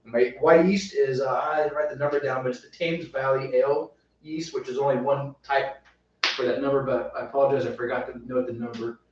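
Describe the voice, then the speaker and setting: A man hosting a homebrewing show, talking through his recipe in a relaxed, rambling way. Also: medium pitch, brisk, slight background noise. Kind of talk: casual chat. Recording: roomy, distant, dull sound.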